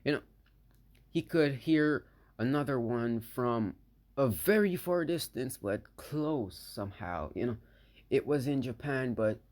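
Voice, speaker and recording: A man narrates a made-up fan story at an unhurried, slow pace, his voice sitting in a middle pitch. He stumbles and restarts often, padding his sentences with filler words as he goes. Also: a little mellow. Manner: halting, full of "you know" fillers; slow, hesitant delivery.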